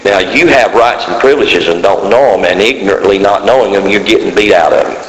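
A man's voice: on the low side, brisk, highs cut off. A man preaching a sermon to a congregation, emphatic and repeating key words for stress. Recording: echoey hall with long reverb, faint hiss.

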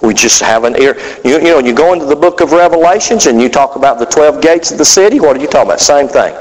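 Male preacher, folksy and animated, bright lively delivery, long echo of a big hall. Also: fairly high pitch, fast. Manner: folksy, animated, acts out quoted voices. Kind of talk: sermon.

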